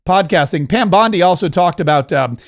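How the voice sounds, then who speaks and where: A middle-aged man hosting a podcast, telling anecdotes in casual commentary and laughing out loud as he acts out what people said. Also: high voice, animated, fairly quick. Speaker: podcast host.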